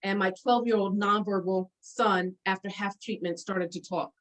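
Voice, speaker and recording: This is a guest in her forties sharing memories, speaking with medium pitch at a moderate pace. Her storytelling is casual and animated, often dissolving into laughter and sprinkled with fillers, though the audio is poor.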